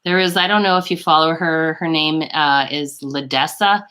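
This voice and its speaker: Low bright-voiced chatty Canadian woman. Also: fairly even intonation, normal speed, smooth. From western Canada. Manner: chatty and rambling, full of fillers and asides. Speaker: beauty vlogger hosting a live stream. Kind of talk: casual live chat, reading viewer comments.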